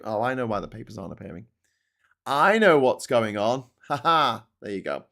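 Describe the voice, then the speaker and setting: A man's voice: medium pitch, animated, normal speed, gravelly, fairly bright tone. A middle-aged man hosting a daily political news show, talking in a blunt, sarcastic, sweary ranting style with many fillers and restarts. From Britain. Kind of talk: casual ranting commentary.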